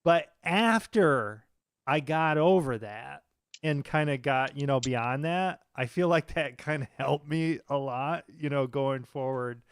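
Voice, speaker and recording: Man, American, thirties, podcast co-host, rambling, profane, middle pitch, dry close mic. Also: unhurried, clean tone, no room sound. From United States. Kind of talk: casual chat.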